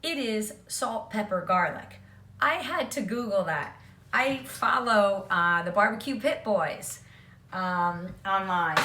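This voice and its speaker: A woman's voice: mid-range voice, slow, bright, forceful tone, reverberant, a little hiss or hum. A woman giving a casual cooking demonstration in her home kitchen, chatty and often checking in with "okay?". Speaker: home cook.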